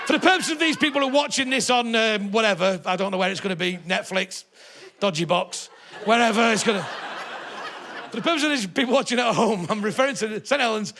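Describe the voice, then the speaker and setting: Gravelly northern English comic. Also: male voice, high voice, fast, noisy background. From northern England. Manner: rambling, sardonic, sweary banter. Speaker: stand-up comedian. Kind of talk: live stand-up set.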